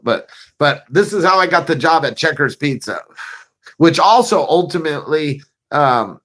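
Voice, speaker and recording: A man spins a casual, profanity-laced yarn on his own show. He laughs as he goes and acts out what happened, with a voice in the middle of the usual male range. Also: medium pitch. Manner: profane, laughing, animated retelling. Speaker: vlogger. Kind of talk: casual storytelling.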